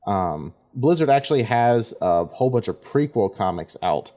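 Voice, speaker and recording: A man's voice: on the low side, sing-song, normal speed, hardly any pauses, warm tone. A man giving offhand, rambling commentary over his gameplay, with fillers and asides. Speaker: gameplay video host. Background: game music.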